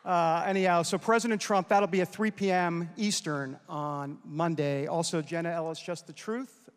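A man from New York moderating a panel, chatty and loose, telling a quick story and wrapping up with announcements. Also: on the high side, steady tone, smooth, faint music behind. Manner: chatty, loose, many fillers. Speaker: panel moderator and show host. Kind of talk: casual anecdote and wrap-up announcements. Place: conference hall stage. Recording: long hall reverb.

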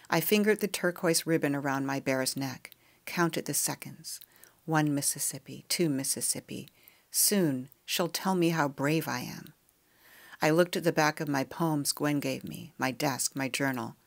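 A woman reading a memoir chapter aloud as a podcast host, quiet and measured. Her voice is low-pitched with a noticeable creaky fry. The narration stays intimate and steady. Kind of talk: audiobook-style reading aloud.

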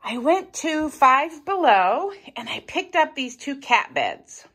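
A woman's voice: high-pitched, sing-song, slow. Chatty, rambling woman vlogging from home. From United States. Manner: chatty, rambling, talks to her cats in a soft baby voice. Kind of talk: casual day-in-the-life vlog.

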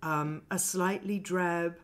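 A woman with a lowish voice speaks slowly as a podcast co-host and film critic. She chats casually about movies in an animated way and laughs often as she talks.

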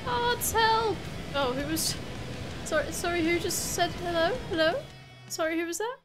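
A woman with an extremely high-pitched voice talks at normal speed through a video game, a gaming YouTuber giving relaxed let's-play commentary. She thinks aloud, chats, and swears playfully, with game music behind.

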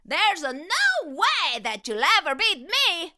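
A woman's voice: extremely high pitch, very animated, takes it slowly, background noise, pitched above the performer's own voice, heavily acted. A woman doing a cocky, giggly catfish. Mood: teasing. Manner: teasing, boastful. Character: cocky fast male catfish. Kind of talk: children's storybook read-aloud.

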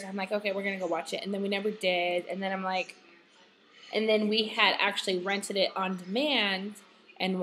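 A woman in her thirties talks through her monthly favorites in a loose, rambling way, full of fillers like "like" and "you know". Her voice sits in a middle pitch. A faint hum of room noise sits behind her. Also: fairly bright tone. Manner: chatty, rambling, lots of "like". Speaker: vlogger. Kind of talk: casual monthly favorites vlog.

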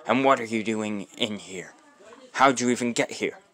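A man's voice: on the low side, moderate pace, a bit bright, natural voice. A man voicing a sly, politely menacing female fox spirit lord in a homemade storybook tale. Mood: teasing.

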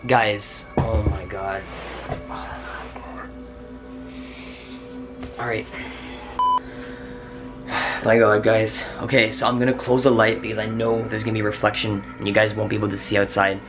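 A man's voice: lowish voice, flat delivery, normal speed, long pauses. Panicky young man vlogging. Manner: panicky, exclaims often. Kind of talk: casual scared vlog. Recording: music playing underneath.

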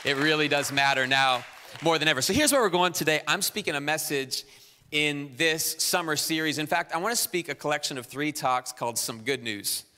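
Energetic pastor in a bright, reverberant hall. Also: male voice, on the high side, brisk. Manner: energetic, exhorting the crowd. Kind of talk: sermon announcements. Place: church auditorium. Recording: long reverb in a large hall.

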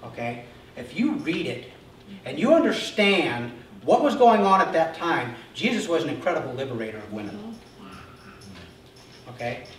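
A man preaching an Easter sermon as pastor, talking to the congregation and often checking in with "Okay?". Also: a little high. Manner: animated, acting out Bible figures. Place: church sanctuary. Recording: very echoey room, voice from a distance, faint noise.

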